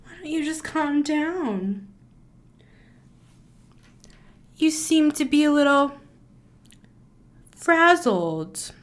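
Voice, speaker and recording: Eine Frau, die einen herablassenden, falsch beruhigenden Manipulator nachahmt, mit leicht gehobener Stimme. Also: female voice, sits high, takes it slowly, pitched above the performer's own voice, exaggerated voice. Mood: patronizing. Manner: patronizing, falsely calm. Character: condescending smug manipulator, mock-soothing.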